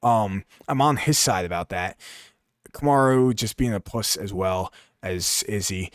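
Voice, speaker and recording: A man's voice: on the low side, unhurried, clean tone, no room sound, studio quality. A young man giving blunt, profane, offhand commentary on his fighter rankings, thinking aloud as he types. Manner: profane, blunt and offhand, musing aloud while typing searches. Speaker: MMA commentary YouTuber.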